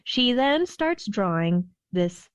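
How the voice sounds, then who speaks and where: Woman, pediatrician guest on a podcast, animated storyteller who laughs easily and fills with "you know"; muffled, dry lo-fi audio. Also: medium pitch, slow, clear, resonant tone, no room sound. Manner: lively storyteller, laughs often, many "you know" fillers. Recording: dull, dry lo-fi sound.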